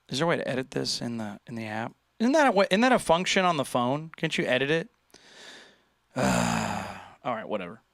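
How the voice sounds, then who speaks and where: Chatty streamer guy, kinda high voice, real bouncy, dry close mic. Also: no echo. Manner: chatty, animated, reads chat aloud and jokes. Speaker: livestream host reacting to viewer posts. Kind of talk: casual livestream chat.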